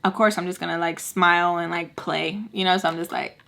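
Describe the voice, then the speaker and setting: A woman in her twenties telling a casual storytime, animated and slangy, acting out every quote. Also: on the low side, a little fast, creaky. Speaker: vlogger.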